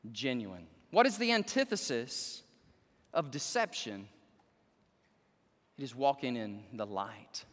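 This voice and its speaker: A man preaching a sermon, animated and exclaiming, joking with the congregation. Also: a little high. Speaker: pastor. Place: church sanctuary. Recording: long hall reverb.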